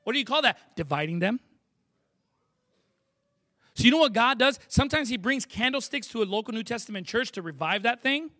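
High-voiced, forceful preaching pastor. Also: male voice, expressive, a little fast, pauses often. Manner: emphatic preaching with rhetorical questions. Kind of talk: sermon.

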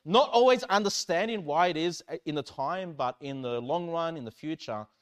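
A male church pastor preaching by telling a personal story, with animated delivery that swings from loud exclamations to hushed, low lines. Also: normal speed, clean tone. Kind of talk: sermon storytelling.

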